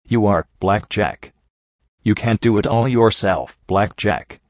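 A man voicing a weary, gentle male pony who embodies death, in a storybook reading. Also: lowish voice, slow pace, no echo. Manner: soft-spoken and kindly. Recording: dull lo-fi sound.

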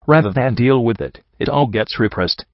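A man narrating a fan fiction audiobook in a steady, even storytelling manner. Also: medium pitch, normal speed, no echo. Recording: dull dry recording.

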